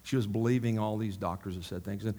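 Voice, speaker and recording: Low-voiced chatty pastor preaching. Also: male voice, fairly even intonation, quick pace, mellow. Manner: chatty and self-mocking, with asides to the congregation. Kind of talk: sermon. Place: church.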